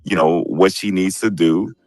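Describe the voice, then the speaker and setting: A man's voice: low-pitched, normal speed, darkish tone, no room sound. A man hosting a casual group chat on a video call, opinionated and repeating "bro" and "right" as he argues. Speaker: show host.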